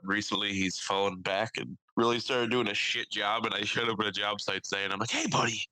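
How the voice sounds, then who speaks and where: Young man, new york accent, very bright voice, dry close sound, laughing storyteller. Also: on the low side, steady tone, brisk, no echo, rough recording. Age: young adult. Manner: storytelling, laughs often, quotes people in put-on voices. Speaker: podcast co-host. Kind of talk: casual chat.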